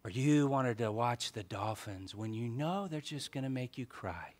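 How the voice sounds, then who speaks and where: A male pastor preaching a sermon, telling a story with animated swings between soft asides and loud exclamations. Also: mid-range voice, moderate pace, slight background noise.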